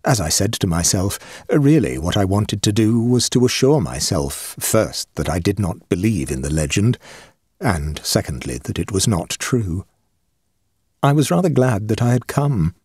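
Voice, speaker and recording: Husky male storyteller reading a ghost story. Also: on the low side, big pitch swings, a little mellow, dry recording, studio quality. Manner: measured, dramatic storytelling. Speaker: audiobook reader. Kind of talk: scripted narration of a ghost story.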